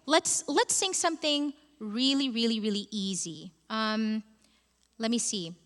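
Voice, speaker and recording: High-voiced woman vocal coach, expressive, talking to a live crowd in a reverberant hall. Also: measured pace. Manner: expressive and chatty, addresses the room. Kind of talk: live workshop teaching. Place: conference hall with live audience.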